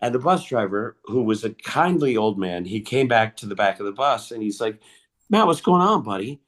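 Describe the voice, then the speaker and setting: A man in his fifties doing stand-up, telling a personal story in a confiding, animated way over a home mic on a video call. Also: fairly low pitch, fairly quick. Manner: confiding, animated storyteller who admits to nerves. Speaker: stand-up comedian.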